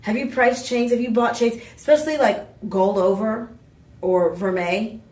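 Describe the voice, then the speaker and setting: A woman hosting a live home shopping show, pitching jewelry in a chatty, exuberant way with playful asides. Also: fairly even intonation, normal speed, a little mellow. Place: TV shopping studio. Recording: roomy studio sound, mic at a distance.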